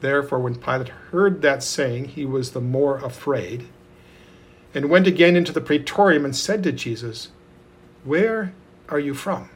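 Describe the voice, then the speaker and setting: Husky man reading scripture. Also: mid-range voice. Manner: steady measured reading. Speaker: scripture reader.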